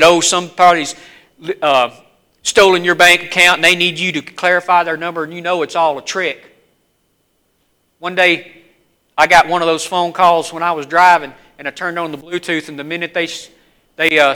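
A man with a Southern US accent delivers a homespun sermon in a high, bright voice. He tells stories in a folksy way and then drops to a near whisper for the serious points. His tone cuts clearly through the words. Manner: folksy, swings between loud stories and hushed pleas. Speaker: preacher.

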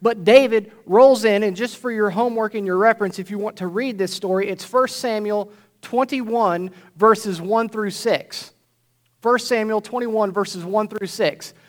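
A man's voice: sits high, moderate pace. A male pastor preaching a sermon to his congregation in a conversational way, often checking in with "right?". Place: church before a congregation.

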